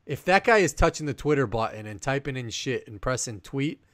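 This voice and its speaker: A man co-hosting a sports podcast in casual chat, rambling and animated, laughing often. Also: medium pitch, brisk, no room sound. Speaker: podcast co-host.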